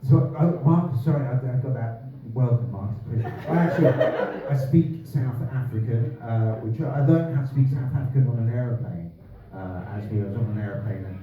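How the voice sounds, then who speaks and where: A man's voice: mid-range voice, brisk, few pauses. Stand-up man, echoey crowded room. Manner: deadpan one-liners, chats with audience. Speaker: stand-up comedian. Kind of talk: live stand-up with crowd work. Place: comedy club, indoors. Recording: echoey venue from far off, phone-like band, crowd. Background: audience laughter.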